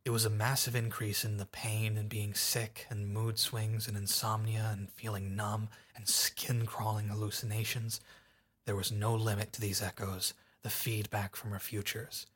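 A man narrating a fan audiobook in a steady, even storytelling manner. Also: fairly low pitch, moderate pace, husky.

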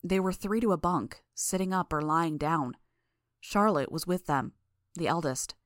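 Audiobook narrator: woman, deep low voice, steady measured read, dry close sound. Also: dry recording. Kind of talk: first-person audiobook narration.

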